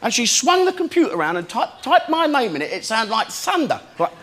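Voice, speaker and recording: Lively high-voiced comedian on stage. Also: male voice, brisk, slight background noise. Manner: chatty storytelling, acting out both sides of conversations. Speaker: stand-up comedian. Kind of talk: stand-up routine in a theatre. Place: large theatre stage.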